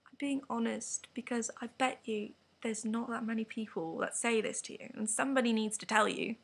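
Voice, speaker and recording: A woman's voice: a little high, fairly even intonation, normal speed, vocal fry, slightly rough. A teenage girl with an English accent, ranting frankly to camera in a rambling vlog with whispered asides. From England. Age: teens. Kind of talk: candid vlog rant to camera.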